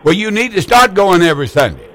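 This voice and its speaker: A man's voice: high voice, big pitch swings, quick pace, a bit bright. A middle-aged man hosting a call-in radio show as a pastor, speaking with a fervent, repetitive preacher's cadence.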